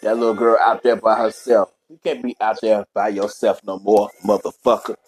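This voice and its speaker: A man's voice: fairly low pitch, flat delivery, normal speed, a little mellow, husky. A man hosting a podcast, giving loose, profane, rambling commentary while reacting to a movie.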